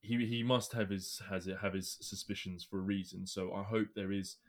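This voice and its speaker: A young man in casual gaming chat, talking in halting bursts with many restarts. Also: deep voice, little pitch movement.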